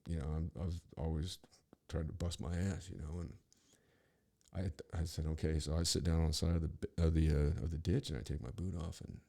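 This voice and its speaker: Man, podcast host: very low, gravelly voice with a dark tone; casual, profane, rambling storytelling. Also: flat delivery, fairly quick. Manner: profane, rambling, with frequent restarts.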